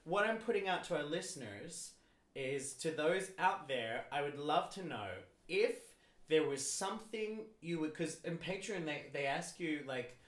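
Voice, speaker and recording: A man co-hosting a podcast in casual chat, excitable and quick, laughing often. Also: a little high, roomy sound. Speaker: podcast co-host.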